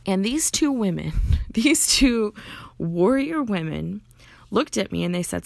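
A woman's voice: mid-range voice, expressive, normal speed, gravelly, no echo. A woman earnestly telling a personal story, acting out the dialogue and often restarting her sentences. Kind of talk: personal story told in conversation.

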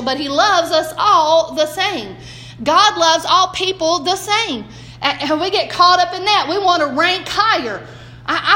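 An older woman with a Southern American drawl teaches a Bible lesson in a high, bright voice. She talks in a homespun, chatty way and keeps putting questions to her listeners. The delivery is warm-hearted and conversational rather than preachy. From Southern United States. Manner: homespun, asks the listeners many rhetorical questions. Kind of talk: folksy morning Bible lesson.

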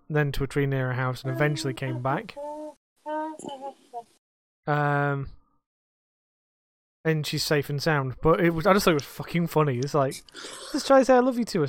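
A man co-hosting a podcast, his voice sitting slightly high for a man. He tells rambling stories casually and swears freely. The recording is dry, with little room sound. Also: fairly bright tone, smooth, no echo. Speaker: podcast co-host; bar worker.

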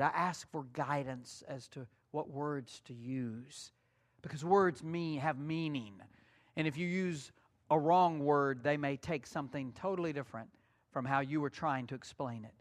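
A man's voice: a little high, lively intonation, a little slow. A man preaching a sermon as pastor, folksy and conversational.

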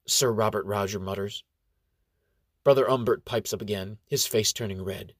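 A man reading a story aloud in an even, steady narrating voice. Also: on the low side, normal speed, dry recording, clean studio sound.

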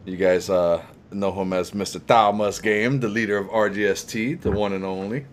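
A man's voice: lowish voice, steady tone, normal speed, slight background noise. A man from the Caribbean co-hosting a casual podcast, laid-back and laughing often, saying bro a lot. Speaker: podcast co-host.

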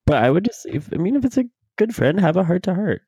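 A man's voice: sits high, big pitch swings, quick pace, mellow, slightly rough, dry recording. Laid-back man, dry sound. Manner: laid-back, giggly advice-giver. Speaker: podcast co-host. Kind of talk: casual chat.

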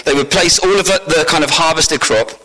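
Bright-voiced man preaching a lively sermon. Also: brisk, low-quality recording. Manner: animated, rises in pitch and volume for emphasis, asks the congregation questions.

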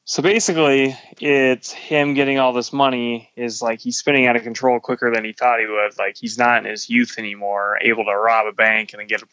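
A man of middle pitch talks comics on a podcast, rambling and leaning on "like" as he retells scenes. The sound is dry and muffled, like a modest home podcast setup. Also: little pitch movement, brisk, few pauses, bright, forceful tone, clear, resonant tone, no room sound. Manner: rambling, full of "like", retells scenes with quoted lines. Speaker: podcast co-host. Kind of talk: casual chat reviewing comics. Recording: dull lo-fi podcast audio.

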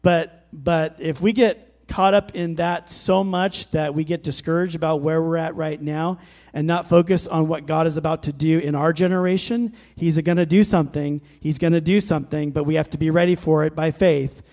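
A middle-aged man preaching a sermon as pastor, fervent and emphatic, swelling louder on scripture and exhortations. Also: fairly high pitch, steady tone, moderate pace.

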